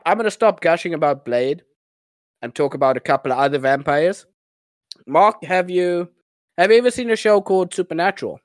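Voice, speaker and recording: Excitable man gushing on a podcast. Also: on the high side, dry recording. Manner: enthusiastic, gushing, laughs often. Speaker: podcast co-host. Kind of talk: casual podcast chat.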